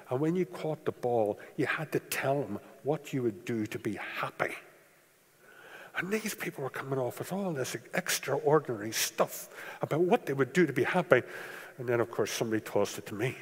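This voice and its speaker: A man preaching a sermon in a lively, rising and falling voice that sits a little high. His tone is slightly husky, and he drives points home by repeating key words. Long church reverb trails after each phrase.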